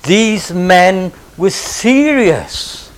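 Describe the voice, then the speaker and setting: A man's voice: sits high, sing-song, extremely slow. A man preaching a sermon in an impassioned way, pressing his listeners with repeated urgent pleas and rhetorical questions.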